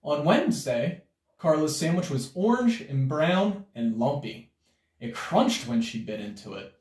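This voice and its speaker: A man reading a children's storybook aloud, his fairly high voice rising and falling with great liveliness. The sound is roomy and comes from some distance off the mic. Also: big pitch swings, unhurried, a little mellow. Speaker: storybook reader.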